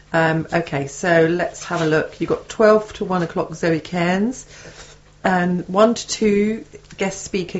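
A woman co-hosting a radio show, giggly and scattered as she stumbles through an email. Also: fairly low pitch. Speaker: radio co-host. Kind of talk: chatty radio banter, reading listener emails. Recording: dull lo-fi radio recording.

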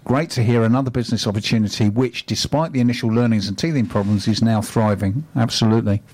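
A man's voice: on the low side, fast talker, a little mellow. A man co-hosting a local business radio show, reading out notices steadily with dry quips. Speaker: radio co-host.

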